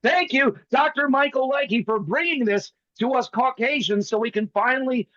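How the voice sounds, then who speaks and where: A man guest on a video call, riffing and joking fast with bits of mimicry. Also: very high-pitched, pushed and bright, dry recording, lo-fi sound. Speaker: guest magician. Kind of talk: comic banter on a video call.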